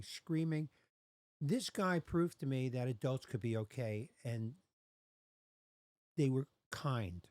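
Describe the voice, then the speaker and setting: Speaking at a medium pitch with no echo, a sixties-aged man recounts something from his own life on a casual podcast. He's animated throughout, imitating the people he quotes.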